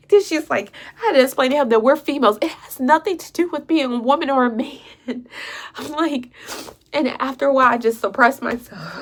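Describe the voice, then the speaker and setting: A woman's voice: sits high, fairly quick. A young woman vlogging an emotional story, upset, repeating herself and sometimes dropping to a whisper.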